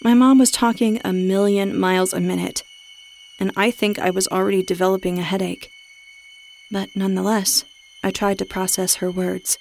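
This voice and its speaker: A woman reading a first-person horror story as narrator, steady with a tense edge. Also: mid-range voice, moderate pace, creaky, a little hiss or hum.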